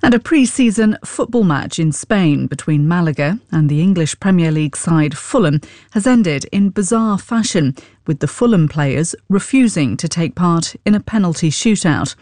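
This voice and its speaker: A man reading a news bulletin in a steady, formal way. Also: sits high, no room sound, studio quality. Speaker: newsreader.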